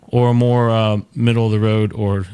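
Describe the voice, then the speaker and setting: A man's voice: fairly low pitch, flat delivery, normal speed, mellow, clear, resonant tone. A man from Florida with a Southern accent, hosting a casual show and answering viewer questions in a rambling, chatty way. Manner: rambling, chatty, laughs often. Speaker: show host.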